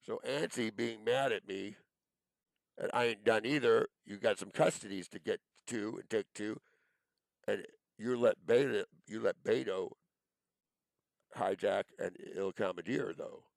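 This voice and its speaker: A man's voice: lowish voice, measured pace, vocal fry, no echo, poor audio. A man delivering an angry, profane monologue, accusing and cursing as he rambles from one charge to the next.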